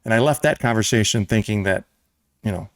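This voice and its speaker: An American man hosting a casual sports talk show, telling a long story with lively quoted voices. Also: fairly low pitch, fairly quick, no room sound, studio quality. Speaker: show host and club president. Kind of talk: storytelling in casual podcast chat.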